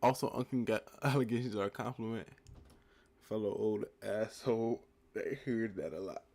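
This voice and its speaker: A nineteen-year-old American man hosts a livestream, relaxed as he reads viewers' chat comments aloud and answers them. His voice is lowish and gravelly, and he talks at a moderate pace.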